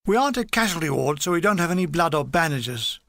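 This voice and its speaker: A man's voice: on the high side, animated, fast talker, gravelly, a bit bright, dry recording. A man reading a comic wartime memoir aloud, with dry timing and voices for the dialogue. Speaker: audiobook reader.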